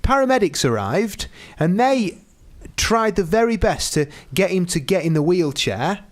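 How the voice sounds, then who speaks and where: A young man telling anecdotes in casual podcast chat, animated and acting out what people said. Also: high-pitched, moderate pace. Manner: animated anecdotes with put-on quoted voices. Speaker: podcast co-host.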